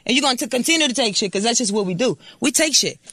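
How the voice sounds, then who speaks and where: Brash, fast-talking Puerto Rican woman. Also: on the high side, expressive, a bit bright, no echo. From Puerto Rico. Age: 30s. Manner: brash, profane, boastful. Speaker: interview guest. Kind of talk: casual interview chat.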